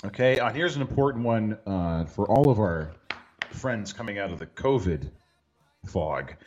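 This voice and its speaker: A male podcast host with a lively, swinging delivery, cracking dry jokes in casual chat. The recording sounds a bit dull and lo-fi. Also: fairly low pitch, unhurried, slight background noise. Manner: dry, joking.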